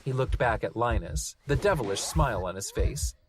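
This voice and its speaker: A reader calmly narrating a novel as an audiobook, with expressive storytelling. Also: mid-range voice, normal speed, a little hiss or hum.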